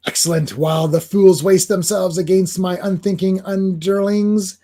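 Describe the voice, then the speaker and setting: A man's voice: high-pitched, moderate pace. A man reading a scheming female sorceress villain's lines out from a comic in his own plain voice, without putting on any voice. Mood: gloating. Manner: plain deadpan reading, no voice put on.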